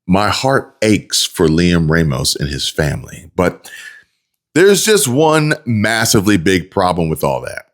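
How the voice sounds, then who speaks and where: Deep-voiced man in mocking commentary. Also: sing-song, unhurried. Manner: mocking, sarcastic. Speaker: commentary channel host. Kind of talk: political commentary voice-over.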